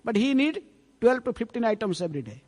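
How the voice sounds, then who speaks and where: A man's voice: very high-pitched, very animated, fast talker, heavily acted. A man doing an upset wife, raised voice. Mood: pleading. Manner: pleading, then shouting. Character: harried young wife pleading, then furious. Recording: long hall reverb.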